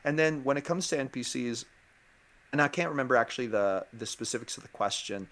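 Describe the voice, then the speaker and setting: A man's voice: mid-range voice, lively intonation, brisk, fairly bright tone. A man with a mid-range voice answers interview questions about running games. He talks in a thoughtful, loose way, often circling back and restarting his sentences. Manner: thoughtful, rambling, with many fillers and restarts. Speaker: guest game master.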